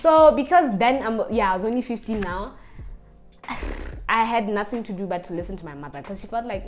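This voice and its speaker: A young woman, telling a casual storytime vlog in an animated way. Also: medium pitch, moderate pace, faint music behind. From Botswana. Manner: animated storyteller, acts out the people she quotes. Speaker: vlogger.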